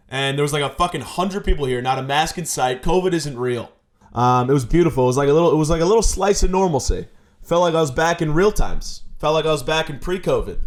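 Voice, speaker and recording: A young man hosts a podcast with a crude, sarcastic comedic monologue. He rambles and repeats himself for effect. His voice sits a little on the high side. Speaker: podcast host.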